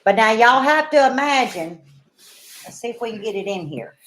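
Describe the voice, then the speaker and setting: A middle-aged woman with a Southern US accent, telling a homestead story to her viewers in a folksy, animated way. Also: a little high, normal speed. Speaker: homestead vlogger.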